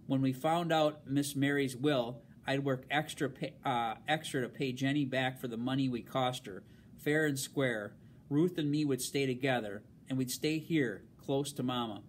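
A man reading a novel aloud in a halting way, stumbling over words and filling pauses with um and uh. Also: mid-range voice, slight background noise. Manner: halting, with fillers and restarts. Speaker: reader.

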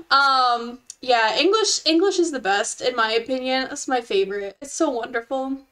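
A young woman with a bright, high voice gushes and giggles as she chats casually with her stream viewers. Her talk is effusive and warm toward the chat, all excitement and affection. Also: a little slow.

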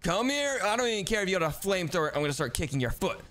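A man's voice: sits high, big pitch swings, rapid-fire, a bit bright. Dramatic complaining gamer man. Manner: dramatic, complaining, lots of "oh my gosh". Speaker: gamer narrating a role-play. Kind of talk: game role-play commentary.

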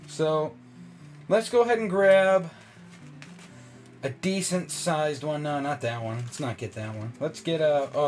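A man talking casually to his camera as a vlogger, loose and profane, poking fun at himself. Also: on the high side. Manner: casual, profane, self-mocking. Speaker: YouTuber.

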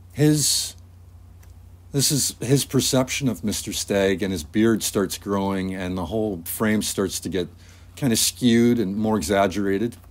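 A deep-voiced man walks through his animation storyboard in an easygoing, rambling manner. He pauses often with fillers while he describes each scene. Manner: relaxed, rambling, with many fillers. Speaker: animator and artist. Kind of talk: casual storyboard walkthrough.

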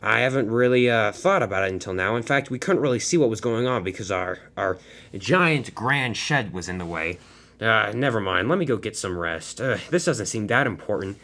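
A man's voice: lowish voice, lively intonation, moderate pace, a bit bright. A man voicing a grumpy, bossy male toy diesel engine who talks dismissively.

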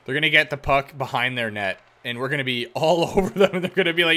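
Male let's-play commentator, bright and sharp tone, jokey play-by-play with sudden outbursts. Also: mid-range voice, fast, hardly any pauses. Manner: talks to himself and the game, teasing opponents. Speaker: gaming YouTuber.

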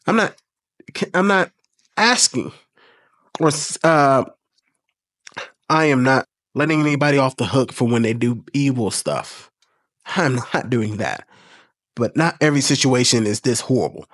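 A man's voice: medium pitch, expressive, measured pace, long pauses, a bit bright, dry recording, clean studio sound. A man hosting a casual commentary video, blunt and profane, lecturing in an exasperated way.

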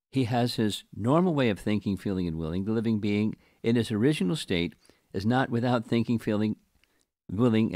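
An older man giving a scripture class, reading a long commentary slowly and deliberately and explaining it to his listeners. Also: fairly low pitch, darkish tone, no room sound, clean studio sound. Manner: slow, deliberate reading with chanted verse recitation.

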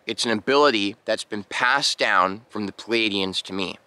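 Bright-voiced man telling a story. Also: fairly low pitch, normal speed, few pauses, clear, resonant tone, no room sound. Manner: animated, imitates beeping sounds. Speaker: vlogger. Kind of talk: casual storytelling to camera.

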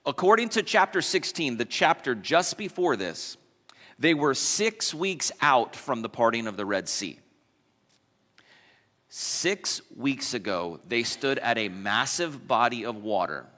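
A man's voice: medium pitch, very animated, a little slow, bright, forceful tone. A male pastor preaching a sermon in a casual, conversational way, asking the congregation questions and adding light asides. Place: church sanctuary. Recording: long church reverb.

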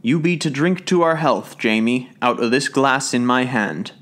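A man's voice: medium pitch, animated, normal speed, fairly bright tone, natural voice. A man voicing a small fairy woman who coaxes in a raised, sly tone. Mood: coaxing.

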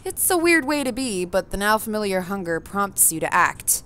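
A woman reading a visual novel aloud, expressive, breaking off to react and comment. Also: mid-range voice, moderate pace, few pauses. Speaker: gaming streamer.

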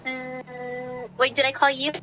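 A woman in GTA roleplay, ditzy and rambling, pitching a silly pun. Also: monotone, slow, bright, forceful tone, slight background noise, rough recording. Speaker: roleplay character on a phone call.

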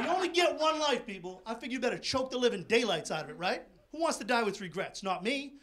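A man from doing a brash, fast-talking stand-up comedy set on a TV studio stage. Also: very high voice, sing-song, fairly bright tone. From Boston, USA. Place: TV studio stage with live audience.

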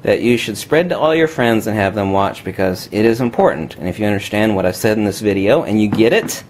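A man's voice: lowish voice, expressive, brisk, darkish tone, slight background noise. A man giving an unscripted, emphatic talk while demonstrating magnets, addressing viewers as kiddies.

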